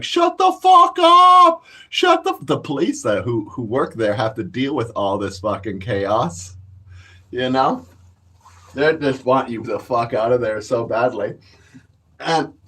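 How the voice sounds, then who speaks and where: Guy vlogging, swears a lot, cocky and laid-back, mid-pitch voice. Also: measured pace, slightly rough. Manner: profane, boastful, laid-back. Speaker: cannabis vlogger. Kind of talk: casual storytelling.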